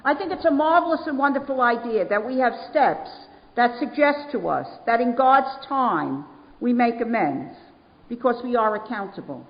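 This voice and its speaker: A New woman with a fairly high voice tells her recovery story to a meeting. She leans hard on repeated words for emphasis. The recording is dull and lo-fi, with a long hall echo. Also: animated, moderate pace. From New York. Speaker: AA speaker.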